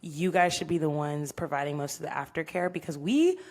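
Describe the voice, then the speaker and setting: A young woman co-hosting a casual podcast, playful and animated, with jokey asides. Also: sits low, fairly quick. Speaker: podcast co-host.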